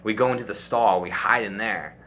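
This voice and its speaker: A man's voice: lowish voice, brisk, bright, forceful tone, a little hiss or hum. A young man telling a crude, profanity-heavy story in a casual storytime video. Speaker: storytime YouTuber.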